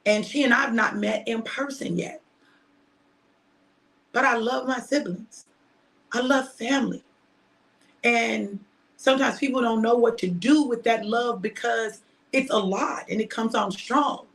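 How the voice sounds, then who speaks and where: A middle-aged woman preaching informally to her online audience, shouting and emphatic at times, then reflective and personal. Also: a little high, measured pace, gravelly, pauses often. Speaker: preacher and host.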